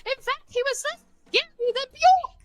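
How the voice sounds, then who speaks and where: A woman's voice: very high-pitched, normal speed, voice pushed up. A woman voicing a cheeky hobbit who recites a limerick in a sing-song way. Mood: mischievous.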